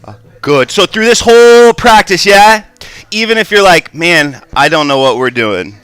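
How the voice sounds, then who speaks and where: A man with a bright, clear, slightly higher voice leads a yoga class, calmly calling out poses and breath cues. He checks in often with "right?" and "good". The sound is dry and close, with little room echo. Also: moderate pace, soft background music. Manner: calm cueing with frequent "right?" and "good". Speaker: yoga instructor. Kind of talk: guiding a live yoga class. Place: yoga studio.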